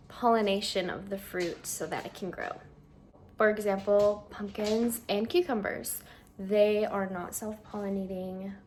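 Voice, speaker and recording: A woman's voice: medium pitch, slight background noise. A young woman narrating a casual gardening vlog in a chatty, slightly unsure way, with fillers and small laughs, partly recorded outdoors in her garden. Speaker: gardening vlogger.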